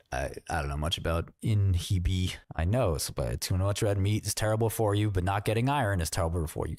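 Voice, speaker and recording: A middle-aged man with a New York accent hosting a livestream, rambling with quick asides and mocking questions. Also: sits low, a little mellow, no echo, clean studio sound. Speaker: livestream host. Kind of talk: casual livestream chat.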